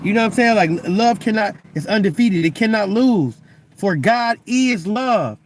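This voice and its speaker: This young man's voice sits high and sounds expressive, at an ordinary pace with a slight hiss or hum in the recording. A Christian vlogger, he preaches casually, stumbling and repeating himself to drive his point home while tossing in "you know what I'm saying" again and again.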